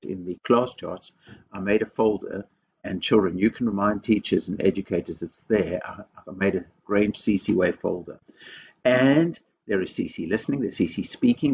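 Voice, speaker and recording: A dull lo-fi video with faint background noise captures a headteacher speaking to young children in a low, gravelly, darkish voice. He's emphatic and teacherly, asking lots of questions and repeating important words.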